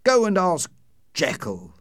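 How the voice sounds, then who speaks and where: A man voicing a frightened, dying old doctor who speaks slowly with a trembling voice, in a storybook reading. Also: high-pitched, wildly swooping pitch, fairly bright tone, no room sound, studio quality, voice pushed up, heavily acted. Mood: fearful, grim. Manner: slow and trembling.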